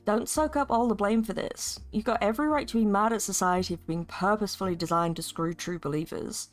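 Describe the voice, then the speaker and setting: A man's voice: high voice, fairly quick, faint music behind, natural voice. A streamer, a man, voicing a blunt female supervillain in a game with a put-on American accent, reading the dialogue a bit stiffly. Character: female gig-economy supervillain, blunt, supportive.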